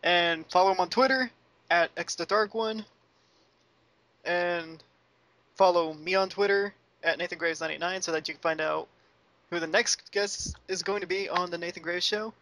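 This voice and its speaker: A man's voice: sits high, normal speed, sharp tone. A man hosting a podcast, reading out links and thanks plainly. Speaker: podcast host. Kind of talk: podcast host outro.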